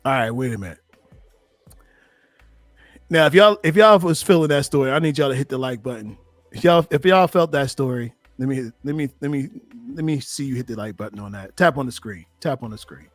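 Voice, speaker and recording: A man who is a relationship coach and host, giving animated live-stream commentary on video clips and repeating himself as he urges viewers to like. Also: medium pitch, a little fast, no room sound, faint music behind.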